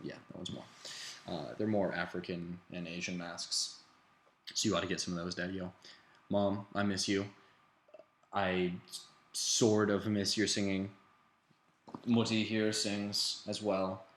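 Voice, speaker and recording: A man's voice: low voice, slight background noise. A young American man from the United States recording a casual video diary at home, rambling and self-deprecating, often restarting his sentences. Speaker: exchange student vlogger. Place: indoors at home, living room.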